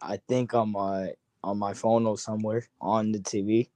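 Casting: laid-back male caller, short answers, mellow dark tone, dry. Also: lowish voice, flat delivery, normal speed, dry recording. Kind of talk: casual sports chat.

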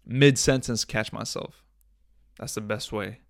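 Young guy doing a solo podcast, kinda gravelly, keeps coughing, rambles and swears a lot, super dry mic. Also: on the low side, fairly even intonation, measured pace, no room sound. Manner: rambling, profane, jokey, drifts between loud bits and mumbling. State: coughing, clearing his throat. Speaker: podcast host. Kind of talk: casual solo podcast monologue. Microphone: studio microphone up close.

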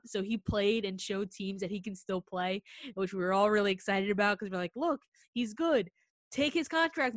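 A young woman co-hosting a casual sports podcast, talking in an animated, emotional way as a frustrated fan. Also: mid-range voice, no echo, studio quality. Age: young adult. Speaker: podcast co-host.

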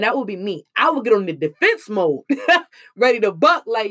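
A woman's voice: medium pitch, sing-song, moderate pace, a bit bright, breathy edge. A young woman speaking in an earnest, emphatic monologue, casual and slangy as she shares hard-won lessons. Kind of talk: emotional personal monologue.

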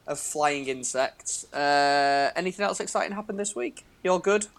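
A man's voice: a little high, normal speed, a bit bright. A man hosting a comedy show, teasing his guests and laughing often. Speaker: host. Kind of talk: comic banter.

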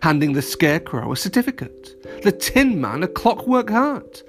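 A man narrating a children's story, animated and playful, speaking straight to young listeners. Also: sits high, normal speed, soft background music.

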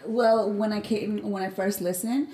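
A woman's voice: mid-range voice, fairly even intonation, a little slow, a loud crowd. A young woman from Nepal, chatting casually and playfully with friends and laughing easily. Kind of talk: casual chat among friends. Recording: echoey room with clear background noise.

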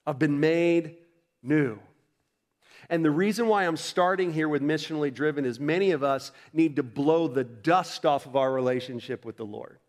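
Male pastor with a high voice, preaching in a casual, conversational way that rises to emphatic peaks. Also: moderate pace. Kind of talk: sermon.

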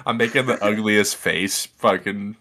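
A man's voice: on the low side, measured pace, sharp tone. A young man co-hosting a podcast, crude and joking, laughing often. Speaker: podcast co-host. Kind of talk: casual chat.

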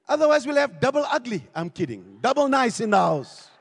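A man preaching a sermon as pastor, animated, with repeated phrases and acted-out quotes. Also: very high-pitched, brisk, gravelly, in a large hall.

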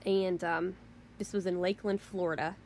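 A woman's voice: fairly low pitch, fairly even intonation, normal speed, gravelly, a little mellow, a little hiss or hum. A woman hosting a podcast, ranting in an indignant, heated way with mild swearing and frequent restarts. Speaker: podcast host. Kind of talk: casual rant.

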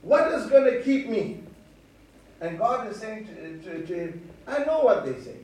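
High-voiced preacher in an echoey hall. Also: male voice, animated, a little slow, a little mellow, far from the mic. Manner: earnest, repetitive, stammering restarts. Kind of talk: sermon. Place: church hall.

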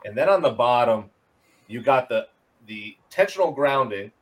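A man's voice: mid-range voice, lively intonation, normal speed. A man hosting a casual sports show, explaining plays, repeating words as he goes and swearing. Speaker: host.

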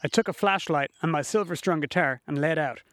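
A man narrating a first-person story in a folksy, unhurried storytelling manner. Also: fairly high pitch, a bit bright, no room sound.

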